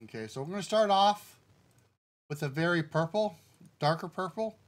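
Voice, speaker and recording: A man's voice: high-pitched, moderate pace. Man thinking aloud on a live stream. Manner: relaxed, talks himself through settings step by step; addresses the chat directly. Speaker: game developer streaming live.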